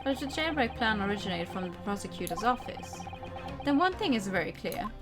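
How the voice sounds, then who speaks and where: Earnest young male defense attorney read by a woman, mid pitch, background music. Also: sing-song, fairly quick, natural voice.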